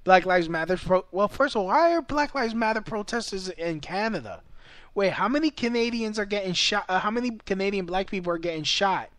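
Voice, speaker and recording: Young guy ranting on a vlog, kinda high voice, swears a lot, laughs at his own stuff, dry close sound. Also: animated, a little fast, a bit bright, no echo. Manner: rambling, profane, laughing often. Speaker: vlogger. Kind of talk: casual ranting commentary.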